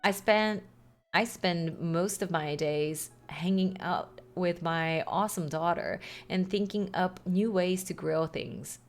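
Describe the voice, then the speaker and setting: Woman doing an upbeat suburban dad, lowish, self-conscious read. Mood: cheery. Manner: halting, self-conscious line reading. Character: friendly grill-loving suburban dad, adult man.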